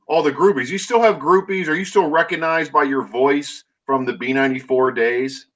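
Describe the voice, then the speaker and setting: A man's voice: a little high, moderate pace, rough recording. A man hosting a casual chat show who talks in a chatty, playful way, ribbing his co-host.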